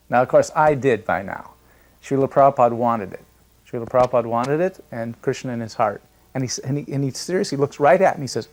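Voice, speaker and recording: An older man telling a personal anecdote in a lively, storytelling way. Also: medium pitch, moderate pace, long pauses. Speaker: devotee recalling memories. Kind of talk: storytelling interview.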